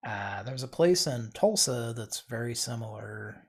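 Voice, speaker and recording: Guy hosting a podcast, chatty and rambly, trails off a lot, middle pitch. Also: lively intonation, unhurried, breathy edge. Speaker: podcast host. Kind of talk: casual chat.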